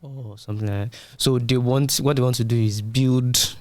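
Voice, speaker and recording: A man's voice: medium pitch, fairly even intonation, moderate pace, dry recording. A man co-hosting a tech podcast, explaining points in a casual, conversational way with everyday comparisons. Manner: explanatory, uses everyday analogies. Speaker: podcast co-host.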